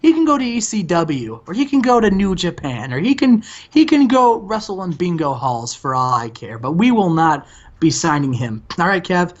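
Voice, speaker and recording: A man putting on the voice of a smug, scheming male wrestling boss, fast-talking and falsely reassuring. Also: high voice, very animated, muffled recording.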